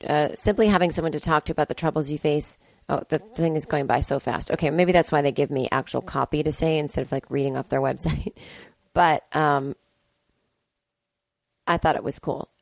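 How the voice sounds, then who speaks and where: A woman hosting a podcast from a home, chatting casually and digressing, with a hoarse, strained voice and cooing baby talk. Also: low-pitched, dry recording. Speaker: podcast host. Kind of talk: casual rambling chat with ad read. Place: sister's home, indoors.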